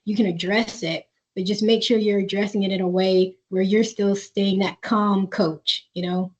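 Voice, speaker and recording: A woman's voice: mid-range voice, fairly even intonation, normal speed. A woman presenting a school webinar for parents, reading out their questions and giving coaching advice with many fillers. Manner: reads parent questions aloud, then coaches warmly with filler words. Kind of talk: live webinar Q&A. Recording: dull lo-fi webinar audio.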